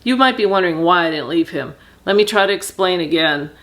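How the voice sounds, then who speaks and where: A middle-aged woman telling a personal story on her vlog, earnest and reflective, pausing with fillers and restarting sentences. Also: lowish voice, lively intonation, a bit bright.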